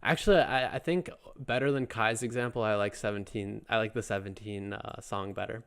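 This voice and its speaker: A man with a smooth, clear voice teaches a language lesson in a relaxed, chatty way. He jokes along and fills his talk with fillers and little restarts, sitting a bit low in pitch. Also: fairly quick. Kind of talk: casual spoken lesson.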